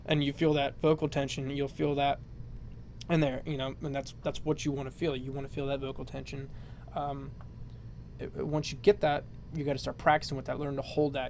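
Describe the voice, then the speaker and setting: A man's voice: on the high side, flat delivery, fairly quick, gravelly, darkish tone, slight background noise. A man explaining a vocal technique in a casual, rambling tutorial, full of fillers and "you know".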